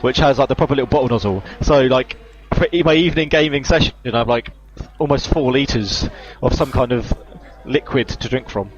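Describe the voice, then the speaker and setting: A young man co-commentating a sim race live, chatty and quick, laughing easily. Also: mid-range voice. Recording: dull lo-fi mic with faint music.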